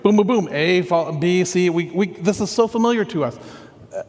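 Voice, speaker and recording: A man's voice: high voice, moderate pace, a little mellow. A man preaching a sermon as pastor, earnest and conversational, thinking aloud as he goes. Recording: long hall reverb.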